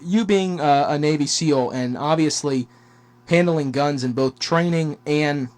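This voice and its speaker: A man's voice: on the high side, a little slow, darkish tone. A young man hosting a podcast interview, speaking in an eager, admiring way with many fillers. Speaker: podcast host. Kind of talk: casual interview.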